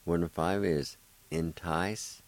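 A man's voice: low voice, steady tone, unhurried, rough recording. A man hosting a radio language lesson. He patiently spells words out letter by letter, repeats each one, and encourages his listeners. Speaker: language teacher and radio host.

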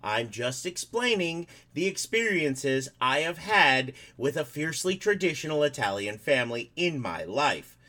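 A man co-hosting a podcast in casual comedic chat, loud and profane, who laughs often. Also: fairly high pitch, big pitch swings, a little slow, hardly any pauses. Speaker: podcast co-host.

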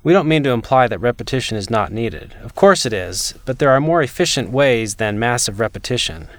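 A man narrating a language lesson from a script, with measured, clear enunciation and demonstrated intonations. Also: mid-range voice, animated, a bit bright.

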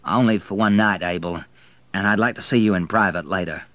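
A man's voice: deep voice, brisk, a bit bright, no echo, highs cut off. A troubled Texan hotel owner from an audiobook, put on by a man reading. He talks in a Texan accent, preoccupied, trying to sound reassuring and failing. The recording is close and dry. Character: middle-aged Texan hotel owner, worried but folksy.

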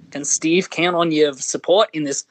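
A man voicing an upbeat male Australian campaign caller, with an Australian accent and a chirpy scripted sales pitch. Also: a little slow, no room sound.

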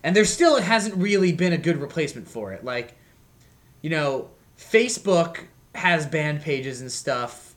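A man co-hosting a casual music podcast, rambling loosely and filling his talk with "like" and "um". He laughs at himself and talks in a relaxed, unpolished way. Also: fairly high pitch, unhurried. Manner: rambling, self-deprecating, lots of fillers. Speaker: podcast co-host. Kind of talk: casual chat.

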